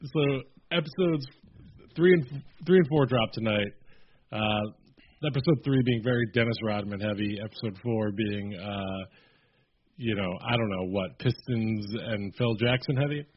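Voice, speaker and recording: A man co-hosting a podcast in casual chat, steering the talk in a relaxed way. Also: on the low side, moderate pace, breathy edge. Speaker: podcast co-host. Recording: dull lo-fi sound.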